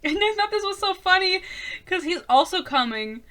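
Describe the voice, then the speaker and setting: A woman's voice: very high voice, very animated, moderate pace, bright, forceful tone, slight background noise. A young woman reviewing a book in a casual rant, sarcastic and exasperated, swearing often and breaking into laughter; English is not her first language.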